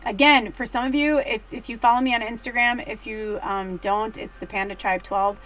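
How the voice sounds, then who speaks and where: A middle-aged woman reading tarot cards in a casual, rambling chat, full of fillers, swinging between hushed and excited. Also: a little high, normal speed, poor audio. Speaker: tarot card reader.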